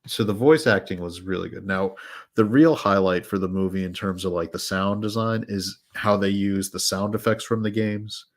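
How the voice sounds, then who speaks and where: A man's voice: low-pitched, normal speed. A man hosting a podcast, chatting casually about films in a rambling way full of fillers and restarts. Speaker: podcast host. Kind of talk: casual chat reviewing films.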